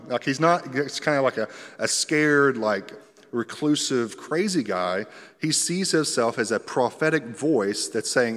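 A man preaches, walking through scripture verse by verse in an easy, conversational way, with flashes of humor. His voice sits at an ordinary pitch. It rings out with the long reverb of a large hall. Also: normal speed, fairly bright tone. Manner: conversational, explains scripture line by line with light humor. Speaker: pastor. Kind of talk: expository sermon.

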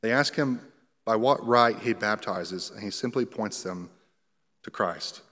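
A man's voice: on the low side, unhurried, a bit bright, long reverb tail. A male pastor preaching an expository sermon in a conversational way, explaining scripture verse by verse with light humor.

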